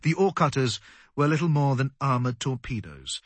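A man narrating an audiobook in a dramatic, animated storytelling manner. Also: medium pitch, moderate pace, no room sound. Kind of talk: scripted narration.

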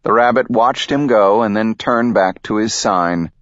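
A man narrating a darkly comic animal fable in a dry, measured reading voice. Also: fairly low pitch, no echo, muffled recording.

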